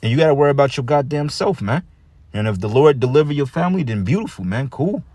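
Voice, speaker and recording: A man's voice: medium pitch, lively intonation, quick pace, a little mellow, no room sound. A man giving a blunt, profane street sermon, reading scripture and breaking it down with repeated "man" and "okay". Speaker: preacher.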